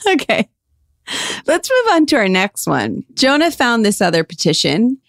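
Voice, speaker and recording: A woman's voice: on the high side, huge pitch swings, a little slow, no room sound. British woman co-host, laughs easily, casual chatty read, dry studio sound. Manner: giggly, chatty, reads petitions aloud. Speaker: podcast co-host. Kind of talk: casual chat.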